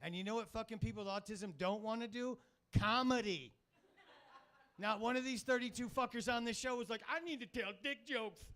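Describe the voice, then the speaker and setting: Middle-aged male comic hosting a club night, high voice, crude and self-mocking, on a stage mic. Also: moderate pace, a bit bright. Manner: crude, rambling, self-mocking, swears a lot. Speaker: stand-up comic and show host. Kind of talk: stand-up comedy set.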